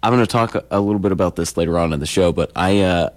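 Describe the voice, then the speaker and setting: A man's voice: deep voice, a little fast, hardly any pauses. A man hosting a morning radio show, reading the weather and chatting loosely while tired from little sleep. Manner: relaxed, loose, with fillers. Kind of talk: casual radio chat and weather forecast. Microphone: studio microphone.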